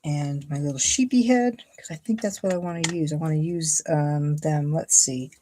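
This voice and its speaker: A woman's voice: low voice, normal speed, dark tone, a little hiss or hum. A woman from Ohio chatting casually and thinking aloud as she makes a paper card. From Ohio, USA. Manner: chatty, thinks aloud while cutting and gluing. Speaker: card-making crafter, host. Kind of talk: casual crafting livestream chat.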